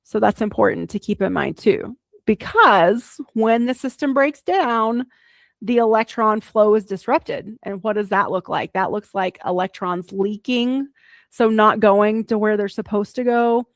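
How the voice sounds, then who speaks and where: A woman's voice: mid-range voice, measured pace, no room sound, clean studio sound. A female podcast host, explaining biology plainly in a casual, chatty solo talk.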